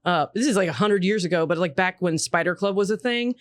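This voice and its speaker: A woman who is a podcast guest, telling stories in a fast, animated, profane way in casual chat. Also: on the low side, dry recording.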